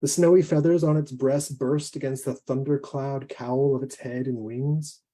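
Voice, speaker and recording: A man, a guest author, reading his own fiction aloud in a measured, deliberate way. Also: mid-range voice, fairly even intonation, warm tone.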